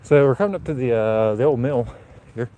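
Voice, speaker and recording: A man's voice: medium pitch, a little fast, mellow. A man live-streaming while walking outdoors on a snowy, windy night, chatting casually to his viewers and feeling the cold. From Central Florida. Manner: casual, rambling, talks to viewers. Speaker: vlogger. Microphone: handheld phone.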